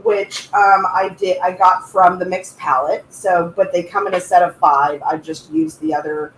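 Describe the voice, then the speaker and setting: A woman's voice: fairly low pitch, animated, moderate pace. A woman co-hosting a craft livestream, chatting casually and greeting viewers in a playful, sing-song way. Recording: echoey room with faint noise.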